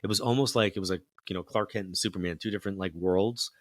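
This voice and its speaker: A middle-aged psychic medium, appearing as a guest in a casual interview, tells a story in a deep, fast voice. He's an animated storyteller who acts out quoted voices and uses lots of fillers, captured on a dry recording.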